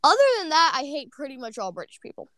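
A woman's voice: high voice, sing-song, fast, crowd noise. A woman in a casual podcast chat, ranting bluntly and swearing freely.

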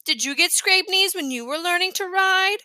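An eager, wily little boy, as a woman reader puts him on, his voice high and sharp-edged. He turns shrill and gushing when excited. The sound is dry and close. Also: normal speed, dry recording, full character voice. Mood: sly.

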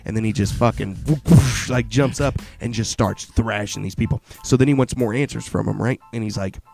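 A young man casually retelling a movie plot in animated, swear-filled chat. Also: on the low side, brisk, vocal fry, music in the background.

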